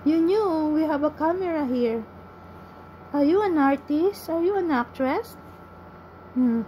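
Woman vlogger, very high and unhurried, sing-song coaxing of a pet. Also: expressive, dull audio, slight background noise. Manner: sing-song, pleading and cheering. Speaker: vlogger talking to her pet. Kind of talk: coaxing baby talk to an animal.

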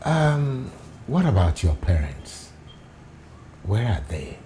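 An actor with a Nigerian accent playing a wealthy, genial boss who questions a young job seeker. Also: male voice, fairly low pitch, big pitch swings, slow pace. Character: wealthy older male chief, genial boss. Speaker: employer. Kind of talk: film drama acting.

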